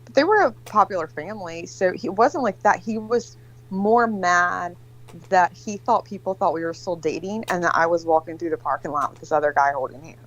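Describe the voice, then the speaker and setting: A woman's voice: on the low side, brisk, highs cut off. Woman telling a rambling, profane story. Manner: rambling, profane, animated storytelling with acted-out quotes. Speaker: livestream guest. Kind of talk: casual storytelling chat.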